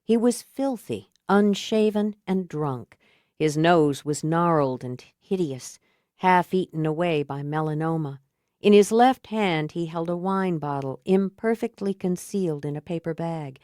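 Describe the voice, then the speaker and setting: A woman narrating a suspense audiobook, reading in a measured, even way. She takes her time, with an unhurried pace and a lowish voice. The recording is close and dry. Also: no echo. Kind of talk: scripted narration.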